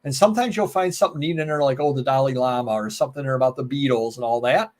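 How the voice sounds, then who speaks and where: A man's voice: mid-range voice, fast talker. An American man hosting a live stream alone, chatting casually, joking, going off on tangents and answering viewer comments. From United States. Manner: rambling, joking, goes off on tangents. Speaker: live show host.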